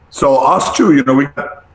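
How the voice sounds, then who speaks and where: A middle-aged man telling stories as a podcast guest in a casual, profane, animated way, laughing often. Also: mid-range voice, a little hiss or hum. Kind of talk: casual storytelling chat. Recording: echoey room.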